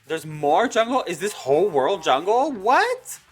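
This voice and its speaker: A young woman hosting a survival game video, reacting loudly and dramatically as she plays. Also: fairly low pitch, normal speed, slightly rough, faint music behind. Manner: excitable, dramatic exclaiming reactions. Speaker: gaming channel host.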